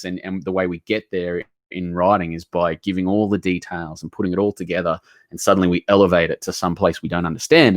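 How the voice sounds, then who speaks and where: Aussie guy, kind of low voice, rambly and heartfelt, swears a bit casually, dry sound. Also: fairly bright tone, no echo. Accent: Australian. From Southeast Queensland, Australia. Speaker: author guest. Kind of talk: casual storytelling conversation.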